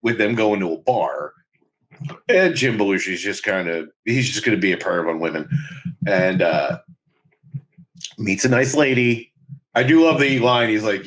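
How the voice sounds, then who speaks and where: A man co-hosting a casual podcast, walking through a movie scene by scene. His pitch rises and falls a lot as he acts out bits of dialogue. He laughs often and swears freely. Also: lively intonation, normal speed, a bit bright, rough recording. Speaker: podcast co-host. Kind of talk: casual movie-review chat.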